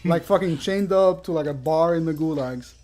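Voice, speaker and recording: A man's voice: fairly high pitch, normal speed, mellow, soft background music. Lets play guy, swears constantly, laughs a lot, loose casual chat. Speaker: Let's Play co-host. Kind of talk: casual chat while gaming.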